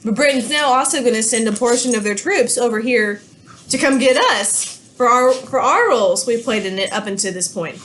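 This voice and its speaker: A woman's voice: on the high side, expressive, normal speed, a bit bright, a little hiss or hum. Chatty woman lecturing. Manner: chatty, easily distracted, talks to her dogs. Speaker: history teacher. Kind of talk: casual recorded lecture. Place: home with dogs.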